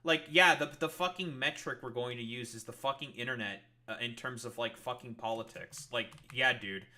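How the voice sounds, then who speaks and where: Sharp-voiced man in a profane rant. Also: medium pitch, normal speed. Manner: profane, sarcastic, exasperated ranting. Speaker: streamer. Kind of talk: heated livestream rant at chat.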